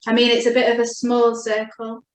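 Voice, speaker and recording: A woman giving a gentle, reassuring spiritual chakra reading as a coach. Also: fairly high pitch, monotone. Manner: gentle, reassuring, speaks slowly when addressing her guide. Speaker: oracle card reader and coach. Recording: echoey room.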